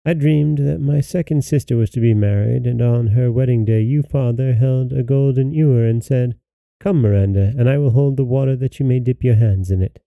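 A man voicing a young, proud princess in a fairy tale reading, with a dark, gravelly voice. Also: medium pitch, normal speed, dry recording, close to an everyday voice. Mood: earnest.

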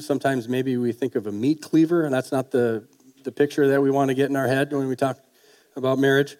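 Man, preacher, folksy sermon, conversational, rhetorical questions, mid-pitched voice. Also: warm tone.

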